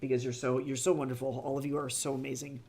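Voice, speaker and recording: A man's voice: mid-range voice, little pitch movement, fast, darkish tone, slightly rough. A man livestreaming to his viewers, teary and gushing, rambling and swearing freely in casual chat from his home office. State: teary, on the verge of crying. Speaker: author and livestreamer.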